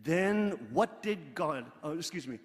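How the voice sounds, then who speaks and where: A middle-aged man preaching a sermon, emphatic and animated, loud exclamations alternating with quiet asides, leading his congregation in reading aloud. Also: a little high, unhurried. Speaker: pastor. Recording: long hall reverb.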